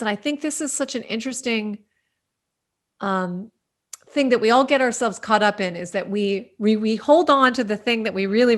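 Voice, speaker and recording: A woman's voice: medium pitch, fairly bright tone. A woman hosting a podcast, reflecting encouragingly on her guest's story. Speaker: podcast host. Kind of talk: casual conversational interview.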